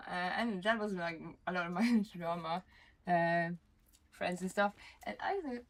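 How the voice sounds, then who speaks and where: A woman's voice: fairly low pitch, moderate pace. A young woman streaming and chatting casually with her viewers, rambling and self-deprecating, full of "like" and casual swearing. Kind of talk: casual chat to a live stream chat.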